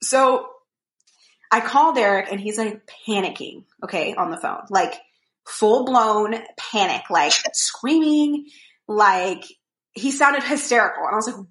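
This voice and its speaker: A woman's voice: a little high, animated, a little slow, a bit bright, reverberant. A young woman in casual podcast chat, telling a rambling story full of fillers and acted-out quotes. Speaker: podcast co-host.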